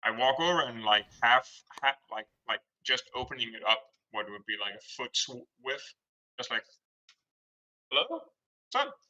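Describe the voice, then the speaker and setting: A man describing his character's actions in a tabletop game, chatty and rambling with lots of fillers. His voice is very bright and sharp. The audio is dull and lo-fi. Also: mid-range voice, normal speed. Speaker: player. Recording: dull lo-fi recording.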